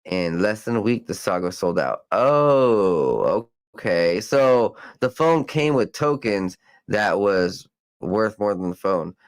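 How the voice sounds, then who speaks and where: A man's voice: deep voice, expressive, a little slow, smooth, no room sound, poor audio. A man hosting a podcast, reading news articles aloud and breaking off into loose, rambling commentary full of fillers and restarts. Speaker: podcast host.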